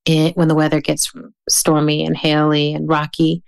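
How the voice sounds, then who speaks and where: A woman from the American South, a writer speaking as a podcast guest in a thoughtful, measured way. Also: deep voice, completely flat delivery, creaky, clear, resonant tone. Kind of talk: reflective podcast conversation.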